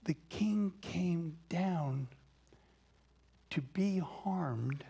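A man's voice: on the high side, extremely slow, creaky, warm tone, breathy edge. A man preaching a sermon, telling stories and dropping to a whisper for emphasis. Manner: dramatic, drops to a whisper for emphasis. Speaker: pastor.

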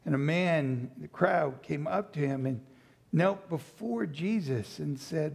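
A man delivers a sermon in an unhurried, deliberate way, his voice gravelly and a little husky. He reads scripture aloud and then retells the story with playful asides, acting out the people in it. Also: on the high side, a little mellow. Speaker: pastor.

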